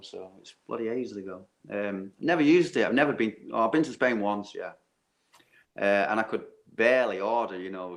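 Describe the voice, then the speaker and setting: A man chatting casually on a panel call in a laid-back, easygoing way. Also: on the low side. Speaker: panel guest. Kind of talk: casual chat.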